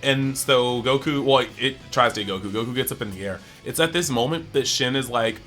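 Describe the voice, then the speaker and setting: A man hosting an anime review channel, chatting casually through an episode breakdown and acting out the characters' lines in quick bits. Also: mid-range voice, fairly bright tone, faint music behind. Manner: chatty, heavy use of "like".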